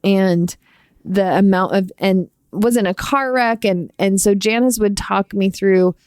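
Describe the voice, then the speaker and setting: A woman's voice: mid-range voice, measured pace, darkish tone, clear, resonant tone, no room sound, clean studio sound. A woman co-hosting a podcast, talking earnestly and emotionally, with rambling restarts. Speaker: podcast co-host. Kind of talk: heartfelt podcast conversation.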